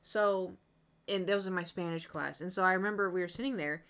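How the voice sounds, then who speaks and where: A woman's voice: lowish voice, a little fast, a bit bright, smooth. A young woman streamer from the United States chatting casually, telling a long rambling story with many asides to her chat.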